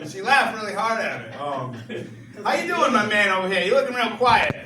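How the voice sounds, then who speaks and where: A young man doing stand-up and crowd work, chatty, with many "you know"s and animated rants. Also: sits high, brisk, heavy background noise. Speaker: stand-up comedian. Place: comedy club. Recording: echoey club from far off, loud crowd laughter.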